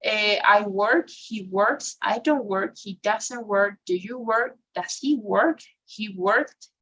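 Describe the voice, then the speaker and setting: A woman's voice: mid-range voice, slow, a bit bright, husky, rough recording. A woman teaches an English grammar class. She keeps checking in with a questioning "right?" and sometimes switches into to explain. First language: Spanish. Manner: mixes in Spanish, ends phrases with "right?".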